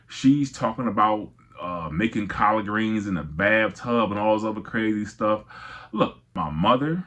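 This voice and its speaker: A man's voice: lowish voice, lively intonation, normal speed, fairly bright tone. A middle-aged man, giving casual, emphatic political commentary with frequent restarts.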